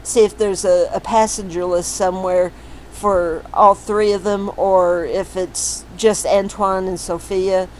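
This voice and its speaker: A woman's voice: medium pitch, steady tone, measured pace, slight background noise, low-quality recording. A woman casually walking through family history records on screen, rambling with lots of fillers and restarts. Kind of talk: casual screen-share walkthrough.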